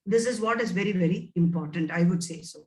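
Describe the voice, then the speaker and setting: A woman's voice: on the low side, fast talker, distant mic, poor audio. A woman with an Indian English accent answering webinar questions as a nutrition scientist, emphatic and advising, repeating words for stress.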